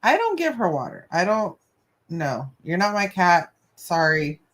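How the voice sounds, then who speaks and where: Her voice sits on the low side, sing-song and a bit bright, at a measured pace. The channel host chats through stories on a casual live stream, cussing mildly and dropping Spanish asides as she works on a craft.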